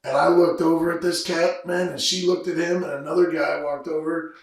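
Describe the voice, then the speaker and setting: A man's voice: fairly high pitch, fairly even intonation, a little fast, creaky. A man hosting a podcast, talking casually and repeating himself as he rambles. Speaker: podcast host. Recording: echoey, distant from the mic.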